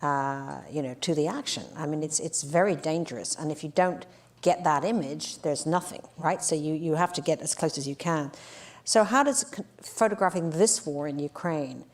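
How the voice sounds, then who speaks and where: A woman's voice: sits low, normal speed. A woman moderating a live panel, probing with stacked follow-up questions.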